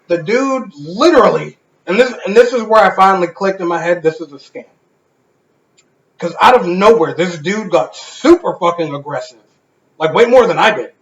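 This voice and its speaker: A man's voice: high voice, fairly bright tone. A man co-hosting a casual podcast, telling a story and swearing freely. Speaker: podcast co-host. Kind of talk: casual chat. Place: home garage. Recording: echoey garage, dull lo-fi sound.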